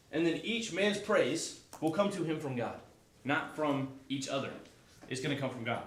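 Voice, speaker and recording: Male Bible teacher, chatty and loose, heard from a distance in a roomy classroom. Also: on the high side. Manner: casual, chatty, self-correcting.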